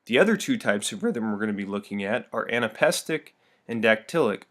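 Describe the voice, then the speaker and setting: A man teaching a recorded video lesson in a friendly, upbeat way, reading verse slowly with heavy stress. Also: mid-range voice, expressive, a bit bright.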